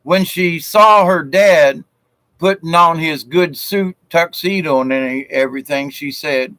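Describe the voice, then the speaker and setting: A man's voice: a little high, unhurried, a bit bright, no room sound, rough recording. A man from South Georgia, telling jokes in a folksy, chuckling way on a live stream. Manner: folksy and chuckling, with frequent fillers. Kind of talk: casual joke-telling chat.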